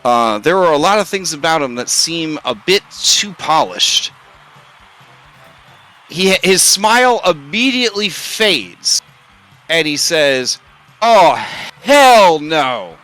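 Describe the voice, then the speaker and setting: A man narrating a tabletop game as game master, telling the scene with lively, animated delivery. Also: on the high side, slow, faint music behind. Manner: animated, lively storytelling with fillers.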